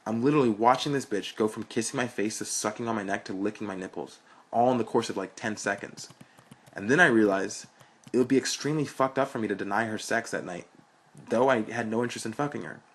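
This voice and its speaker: Young man, story reading, low voice, husky, blunt. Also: fast talker. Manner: frank, blunt, profane storytelling. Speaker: narrator.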